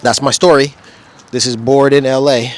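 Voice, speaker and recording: Standing outside next to a wall display, a man records a casual vlog at a moderate pace. His mid-range voice has a flat delivery as he rambles on, relaxed and slangy.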